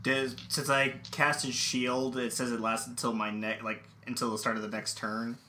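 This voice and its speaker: A man's voice: medium pitch, little pitch movement, moderate pace, bright, forceful tone, a little hiss or hum. A man playing a tabletop role-playing game, hesitant and asking about the rules. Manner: hesitant, asks rule questions. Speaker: player. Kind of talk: casual tabletop play.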